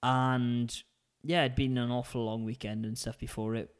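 A man's voice: medium pitch, flat delivery, moderate pace, clean tone. A man co-hosting a podcast, telling a long story in a chatty, self-mocking way. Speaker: podcast co-host. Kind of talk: casual chat.

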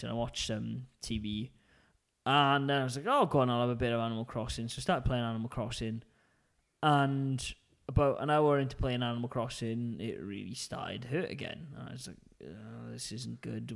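A man's voice: mid-range voice, fairly even intonation, fairly quick, vocal fry. A man co-hosting a podcast, telling a long story in a chatty, self-mocking way. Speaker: podcast co-host. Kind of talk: casual chat.

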